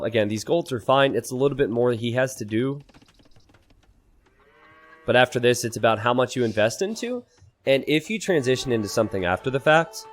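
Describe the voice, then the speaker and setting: Commentating a strategy match, an animated male game caster lets his pitch swing widely. He explains the tactics in an easygoing way and bursts into high, loud disbelief whenever something catches him off guard.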